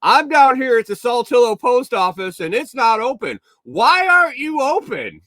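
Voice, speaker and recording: A man's voice: very high voice, big pitch swings, moderate pace, bright, forceful tone, no room sound, voice pushed up, heavily acted. A man voicing a flustered, indignant older woman who complains at a closed post office.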